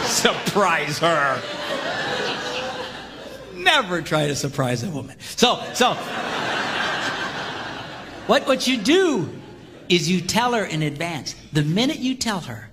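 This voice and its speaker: A man with a high, very lively voice delivers a comedic seminar from the stage of a large hall. He talks in punchy bursts and shouts out sound effects. His voice rings with long reverb over a clear layer of background noise. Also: slow pace, pauses often. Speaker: marriage seminar speaker. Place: large hall before a live audience.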